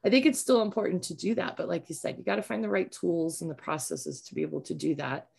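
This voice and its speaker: A woman's voice: on the low side, quick pace, vocal fry, darkish tone, breathy edge. A middle-aged woman hosting a casual interview chat, rambling and chatty with many fillers. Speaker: podcast host.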